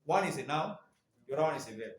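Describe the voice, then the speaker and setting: A man's voice: on the high side, animated, quick pace. A man teaching staff in a training session, leaving his sentences open for the class to finish. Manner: quizzing listeners with fill-in questions. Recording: echoey room.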